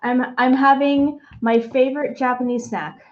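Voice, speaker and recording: Enthusiastic young woman streamer, slightly high-pitched, chatty; dull, low-fi mic sound. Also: fairly even intonation, normal speed. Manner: chatty, enthusiastic, repeats herself. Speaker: streamer host. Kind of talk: casual live-stream chat.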